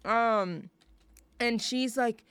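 A woman's voice: a little high, extremely slow, a bit bright, smooth, no room sound. A young woman hosting a radio show, chatting casually and rambling between songs with lots of fillers.

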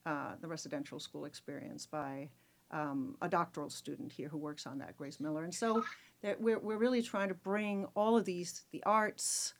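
A woman's voice: sits low, moderate pace. A woman guest on a radio show explaining a festival, talking casually with fillers and restarts. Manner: warm, hesitant, many fillers and restarts.

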